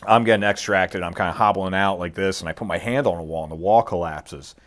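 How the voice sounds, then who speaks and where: A middle-aged man with a somewhat low voice tells a war story in a casual interview. He acts out the quotes of the people in his story and swears freely along the way. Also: fairly quick. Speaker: guest, military veteran.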